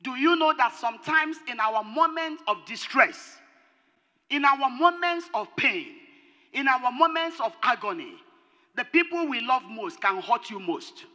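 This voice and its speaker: Woman pastor, impassioned sermon, lively swinging pitch, long reverb of a big hall. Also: unhurried. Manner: impassioned preaching, swinging between shouted peaks and low drops.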